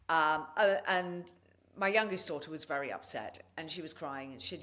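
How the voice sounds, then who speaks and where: A woman guest on a podcast interview, telling her own story in a candid, blunt and animated way, swearing freely. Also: low-pitched, normal speed. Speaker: podcast guest and wellness practitioner.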